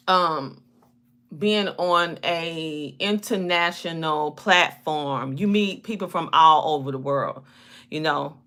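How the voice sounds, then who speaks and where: Bright-voiced Southern woman chatting. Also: deep voice. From South Carolina. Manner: lively, chatty, greets viewers by name. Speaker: live stream host. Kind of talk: casual live-stream chat.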